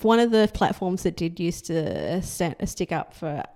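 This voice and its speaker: Aussie woman hosting a podcast, bit of fry in her voice, sweary and blunt. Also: on the low side, a little slow. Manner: laughing, animated, blunt and sweary. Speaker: podcast host and adult performer. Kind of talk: casual chat.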